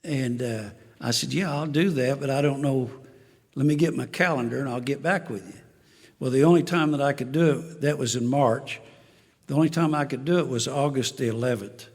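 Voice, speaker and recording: A man in his 70s gives personal testimony to a recovery meeting, telling his life story in a folksy, dry-humored way and chuckling at his own jokes. He has a mid-range, darkish voice at a moderate pace, with a long reverb tail.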